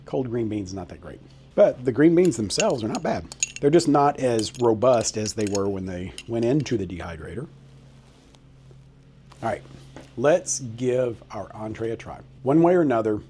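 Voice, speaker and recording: Dad type, mellow husky voice, folksy and enthusiastic vlogger. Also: male voice, medium pitch. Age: middle-aged. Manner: folksy, enthusiastic taste-testing. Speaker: cooking vlogger. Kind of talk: casual cooking vlog. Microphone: handheld camera mic.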